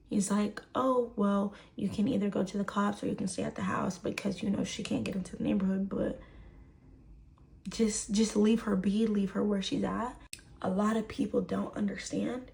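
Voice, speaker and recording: A woman's voice: medium pitch, moderate pace, vocal fry, darkish tone. A woman, casually telling a personal story full of fillers and "right?". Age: 20s.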